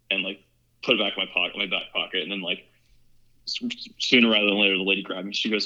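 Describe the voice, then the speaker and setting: A young man from Ohio rattles off a story at high speed, his lowish voice edged and sharp. He rambles casually, stuffing every sentence with "like" and "you know". The recording sounds dull and lo-fi. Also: fairly even intonation, fast talker. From Ohio, USA. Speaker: podcast guest. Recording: muffled lo-fi recording.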